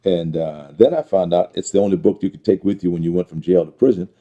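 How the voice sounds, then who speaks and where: A middle-aged man telling his life story as an interview guest, earnest and reflective, halting with fillers. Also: sits low, dark tone, lo-fi sound. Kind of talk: personal testimony interview.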